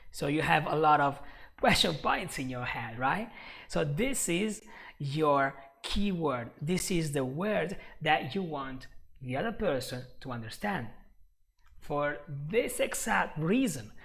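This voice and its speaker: Man, unhurried delivery, live English lesson, repeats phrases, frequent "right?". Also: a little high, creaky, a bit bright. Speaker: English teacher. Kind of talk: live online lesson with chat questions.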